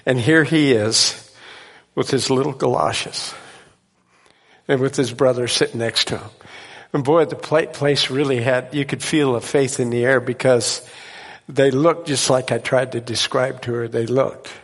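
A man preaching, telling a miracle story in an animated way and laughing at his own tale. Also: medium pitch, measured pace, breathy edge, long reverb tail. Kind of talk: sermon testimony storytelling.

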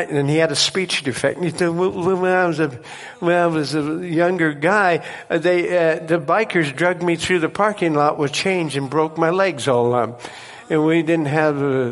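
A man preaching, telling a miracle story in an animated way and laughing at his own tale. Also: a little high, long reverb tail. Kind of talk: sermon testimony storytelling.

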